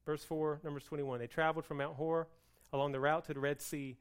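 High-voiced animated male preacher. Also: a little fast, smooth. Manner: animated preaching, swings from loud to hushed; plays out the people's complaints in a whiny voice. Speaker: pastor. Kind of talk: sermon.

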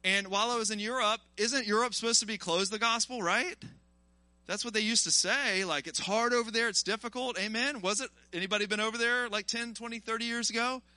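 A male preacher with a high, piercing voice, telling a story in an emphatic sermon. He keeps turning to the congregation and speaks in a close, dry sound. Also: a little fast, no room sound. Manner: animated, emphatic, addresses the congregation directly.

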